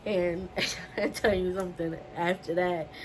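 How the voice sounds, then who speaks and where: A woman's voice: lowish voice, fairly even intonation, a little slow. Young woman vlogger, emotional personal storytelling, faint background noise. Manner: emotional, repetitive retelling. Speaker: beauty vlogger telling her story.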